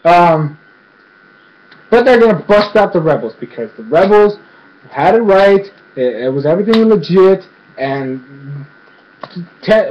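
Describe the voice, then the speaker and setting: A man giving an excited, rambling casual recap as a show reviewer, filling his speech with "freaking" and "like". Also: a little high. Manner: rambling, excitable, fills speech with 'freaking' and 'like'. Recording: dull lo-fi recording.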